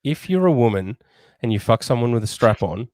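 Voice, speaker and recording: A man co-hosting a podcast, reading out questions in casual banter with a deadpan manner and chuckles. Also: mid-range voice, a little fast. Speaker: podcast co-host.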